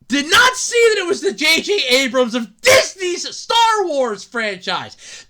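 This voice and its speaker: A woman hosting a podcast, delivering an excitable, swearing, comedic rant with frequent laughs. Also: high voice, unhurried. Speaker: podcast host. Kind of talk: ranting comedic podcast monologue.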